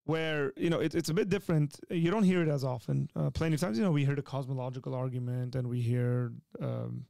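A man's voice: mid-range voice, creaky, warm tone, dry recording. A man hosting a podcast in casual conversation, hesitant with many fillers and restarts. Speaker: podcast host.

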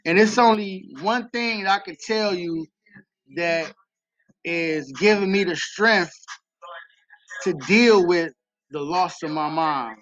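A man's voice: high voice, slow, pauses often, a bit bright. A man hosting a podcast, talking earnestly about faith and grief, repeating key phrases for emphasis. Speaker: podcast host. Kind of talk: faith-based personal talk. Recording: slightly dull lo-fi recording.

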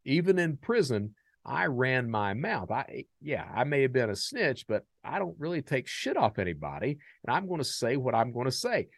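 A man from the United States hosting a podcast, telling a story in a casual, animated and profane way and acting out the dialogue. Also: medium pitch, normal speed, gravelly, dry recording. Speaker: podcast host.

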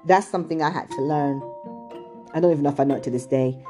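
A woman's voice: low-pitched, very animated, fast, music in the background. A middle-aged British woman raised in England and Chicago, telling a casual, digressive childhood story full of "like" and "you know". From England, also raised in Chicago.

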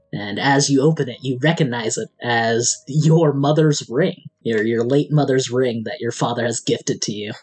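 Laughing Midwestern game master. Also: male voice, mid-range voice, slightly rough. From American Midwest. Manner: laughs often while narrating. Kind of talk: narrating a tabletop game.

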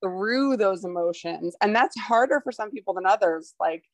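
A woman's voice: medium pitch, expressive, normal speed, no echo. A woman in her thirties, a guest on a casual podcast, talking in a rambling way with many restarts.

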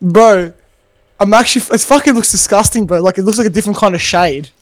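A young man on a casual podcast call from his garage, swearing a lot and protesting loudly when teased. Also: sits high, fast, rough recording. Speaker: podcast co-host. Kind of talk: casual chat.

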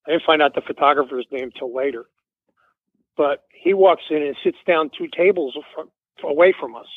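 A man's voice: a little high, normal speed, slightly rough, dry recording. A man, a musician guest, telling a rambling story in an interview and acting out the quoted dialogue. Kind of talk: casual anecdote in an interview. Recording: tinny dry phone line.

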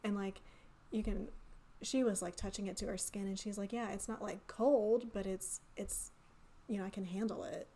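A young woman co-hosting a casual podcast chat, talking fast and loose with lots of "like" fillers. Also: medium pitch, fairly even intonation, dark tone. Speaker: podcast co-host.

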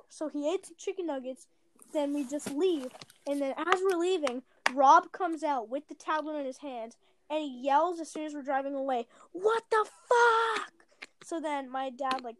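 A woman with a notably high voice tells a meandering personal story. She chats casually, stacking "like" fillers and correcting herself as she goes. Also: slight background noise. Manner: chatty, rambling, lots of "like" fillers and self-corrections. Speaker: storyteller guest. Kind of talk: casual chat, rambling storytelling.

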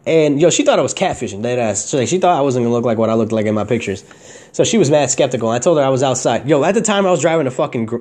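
A young man with a mid-range voice tells his own story on his podcast. He rambles, swears freely and leans on street slang, talking as if to a friend. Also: mid-range voice. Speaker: podcast host. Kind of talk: casual solo storytelling.

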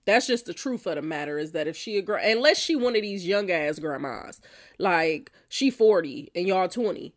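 A woman's voice: lowish voice, lively intonation, moderate pace. A woman hosting a podcast, reacting bluntly and profanely to listener answers, often laughing. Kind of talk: casual reaction chat.

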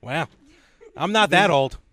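A man co-hosting a podcast, his voice fairly high for a man and swinging widely in pitch. He chats casually, playful and quick with quips, laughing often. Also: lively intonation, sharp tone. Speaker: podcast co-host. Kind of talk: casual chat.

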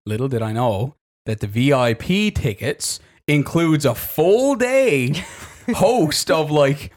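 A man's voice: on the high side, expressive, slow, darkish tone. A man on a casual podcast, telling a long story with frequent swearing and laughter. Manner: swears freely, laughs through his story. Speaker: podcast co-host.

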